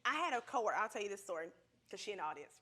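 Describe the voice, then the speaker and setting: A young woman, a podcast guest, telling stories in a casual, animated way, full of swearing and laughter. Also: mid-range voice, rapid-fire. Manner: profane, animated, laughing often. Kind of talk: casual storytelling. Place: podcast studio with a live audience.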